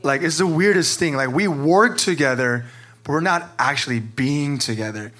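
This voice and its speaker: A man's voice: on the high side, normal speed, pushed and bright. A man who is a pastor, sharing candidly and with emotion, filling his talk with "like". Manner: earnest, emotional, many "like" fillers.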